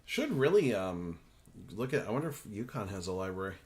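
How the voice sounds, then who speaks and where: A fairly low-voiced man in his thirties hosting a casual livestream. He chats about gear and reads viewer comments aloud, talking in a lively, self-interrupting way with quick laughs. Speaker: livestream host.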